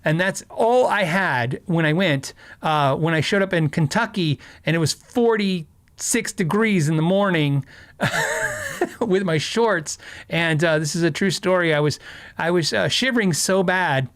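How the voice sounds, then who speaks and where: A man's voice: fairly high pitch, measured pace, fairly bright tone, dry recording. A middle-aged man from Arizona hosting a casual livestream chat, telling stories with lots of fillers and restarts. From Arizona, USA. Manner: rambling, storytelling, frequent fillers and restarts, laughs often. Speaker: host.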